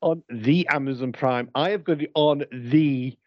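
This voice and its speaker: A man's voice: mid-range voice, measured pace, no echo, lo-fi sound. A British man hosting a casual podcast where he watches a movie live, talking in a rambling, playful way with lots of restarts. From United Kingdom. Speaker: podcast host.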